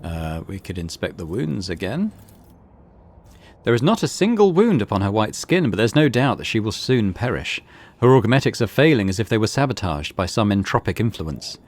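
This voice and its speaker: A man's voice: lowish voice, sing-song, normal speed. A man playing through a role-playing game, reading its text aloud with casual asides. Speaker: gaming YouTuber.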